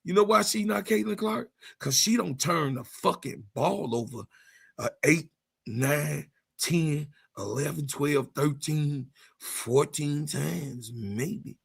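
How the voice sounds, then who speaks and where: A man in his fifties ranting in a casual sports vlog, animated and heated, laughing and swearing freely. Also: fairly high pitch, slow pace, gravelly, husky. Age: 50s. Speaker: sports vlogger.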